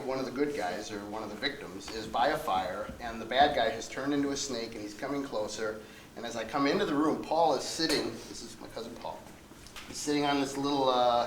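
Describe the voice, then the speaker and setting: A man casually telling a funny story at a birthday gathering, laughing as he talks. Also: medium pitch. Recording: echoey hall with loud crowd noise.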